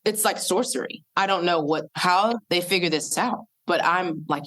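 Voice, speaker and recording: A woman in her thirties, a podcast guest telling stories in an animated, casual way and acting out the people she quotes. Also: fairly low pitch, normal speed. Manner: lively, uses voices for quoted people. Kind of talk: animated storytelling in casual conversation.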